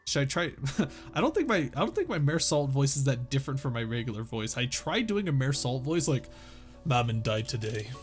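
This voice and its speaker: A man's voice: medium pitch, sing-song, brisk, faint music behind. A man streaming casually, reading a novel aloud to chat while joking, swearing and laughing between lines. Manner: joking, swears freely, lots of laughing asides.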